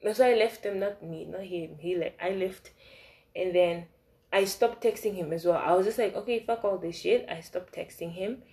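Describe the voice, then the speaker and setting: A young woman telling a casual storytime. She talks in a chatty, animated way, with lots of fillers and swearing. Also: fairly low pitch, moderate pace. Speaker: vlogger.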